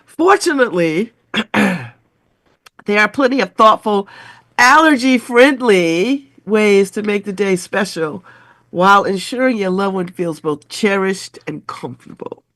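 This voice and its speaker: A woman's voice: mid-range voice, animated, a little slow, fairly bright tone, no echo. A middle-aged woman hosting a radio talk show with a stuffy, congested voice, chuckling between remarks as she reads an article aloud.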